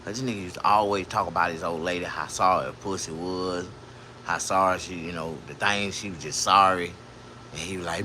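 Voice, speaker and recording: A male comedian telling crude, boastful stories full of profanity, often jumping into a much higher voice. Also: fairly quick, slight background noise. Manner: animated, with sudden jumps to a high voice.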